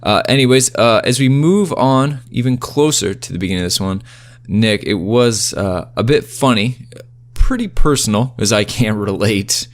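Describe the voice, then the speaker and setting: Easygoing low-voiced male podcast host. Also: lively intonation, normal speed. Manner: easygoing, moves the show along. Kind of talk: casual podcast hosting.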